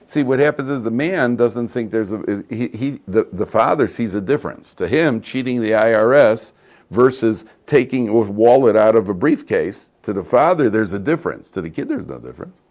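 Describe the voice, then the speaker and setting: Low-voiced rabbi giving a lively class. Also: male voice, normal speed. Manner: lively storyteller who acts out dialogue and chuckles often; addresses the class directly and points them to the text. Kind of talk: Torah class with storytelling.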